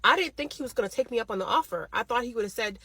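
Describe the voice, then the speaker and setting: A woman's voice: on the high side, animated, very fast, pushed and bright, husky, dry recording. A woman telling a story in a casual, heated rant, blunt and full of swearing, speaking close to a phone mic. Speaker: storytime vlogger.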